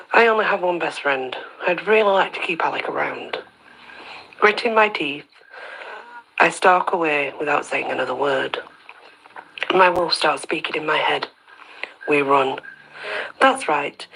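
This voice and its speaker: A woman reading a story aloud as host of her own channel, steady and even, with soft half-whispered dips. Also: deep voice, unhurried, vocal fry, pauses often, husky, low-quality recording.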